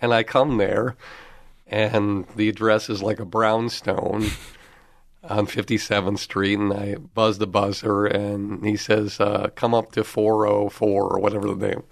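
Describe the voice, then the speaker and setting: A middle-aged man with a fairly low voice spins a chatty, lively story and slips into quoting the people in it. The sound is close and dry, with no room around it. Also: a little slow, creaky, no room sound. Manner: chatty, lively storyteller who quotes others. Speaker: comedy manager and podcast host, guest here. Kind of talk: anecdotal storytelling.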